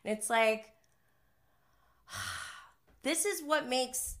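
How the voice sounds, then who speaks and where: A woman's voice: on the high side, lively intonation, extremely slow, fairly bright tone. A woman hosting a casual live-stream recap of a reality show, chatting loosely with many "like"s and frequent laughter. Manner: chatty, heavy use of "like", often laughing.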